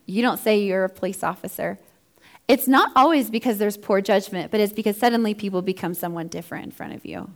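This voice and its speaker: Woman, thirties, earnest personal testimony, heartfelt, mid-pitched voice. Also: fairly quick. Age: 30s. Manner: earnest, heartfelt, acts out quoted dialogue. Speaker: founder of a ministry for first responder families.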